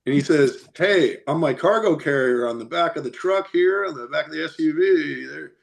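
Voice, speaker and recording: A man guest on a podcast, telling a road story in a chatty, animated way and laughing often. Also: a little high, moderate pace, gravelly. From United States. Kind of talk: casual storytelling.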